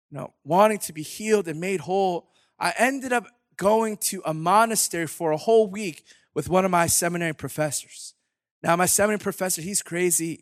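A man's voice: fairly high pitch, no room sound, clean studio sound. A man giving a candid, humorous sermon testimony, telling his story with frequent filler words. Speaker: preacher.

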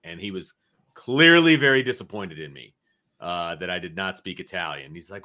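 A man hosting a casual sports talk podcast, energetic and chatty, telling stories with animation. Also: low voice, moderate pace. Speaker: podcast host.

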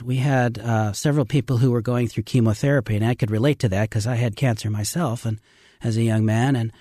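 Middle-aged man, rafting guide on a radio interview; earnest, halting teller, dry close mic. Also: mid-range voice, a little mellow, dry recording. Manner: earnest storyteller, halting with fillers. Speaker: river rafting trip leader.

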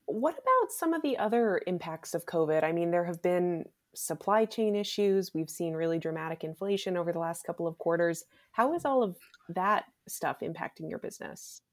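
Calm woman interviewer, lower voice. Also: normal speed. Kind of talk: interview questions.

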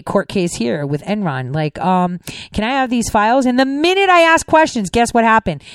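A woman hosting a talk show, talking casually and animatedly, her pitch swooping up when she gets worked up. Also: dry recording.

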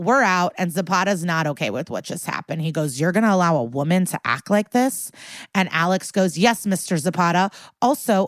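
Heard with no echo, a woman with a lowish voice co-hosts a podcast and recaps a TV episode conversationally. She's animated throughout, voicing the characters' lines along the way.

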